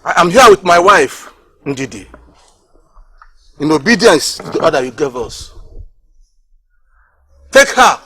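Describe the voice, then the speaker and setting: An actor playing a fearful villager who addresses a priest formally and obediently. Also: male voice, on the high side, very animated, sharp tone, exaggerated voice. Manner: slow, formal, deferential.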